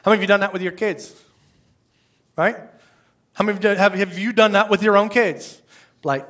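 A man preaching a sermon, with lively, conversational rhetorical questions and slow, measured scripture readings. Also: sits high. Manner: slows to a measured pace when reading scripture. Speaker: pastor.

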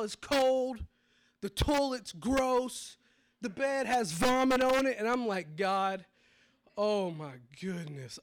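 A man preaching his testimony, telling it dramatically and swinging from hushed low moments to shouts. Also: clear, resonant tone. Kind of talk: testimony sermon.

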